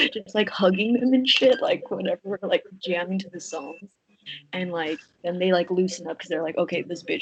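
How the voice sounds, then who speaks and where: A young woman telling a story in a casual podcast chat, rambling with lots of fillers and swearing, and getting excited as she talks. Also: lowish voice, lo-fi sound. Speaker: podcast guest.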